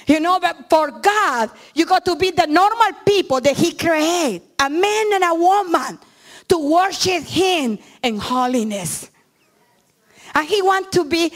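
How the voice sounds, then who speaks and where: Middle-aged lady preaching in her second language, kinda high-pitched, stops and restarts a lot. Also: expressive. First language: not English. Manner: earnest, halting non-native English with restarts. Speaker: pastor. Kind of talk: sermon.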